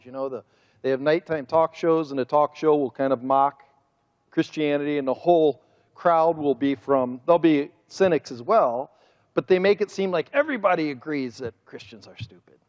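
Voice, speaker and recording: A man's voice: fairly high pitch, a little mellow. Sarcastic preacher man in a reverberant church. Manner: sarcastic, drawn-out emphasis. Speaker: pastor. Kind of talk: sermon. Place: church sanctuary. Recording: muffled sermon audio with long church reverb.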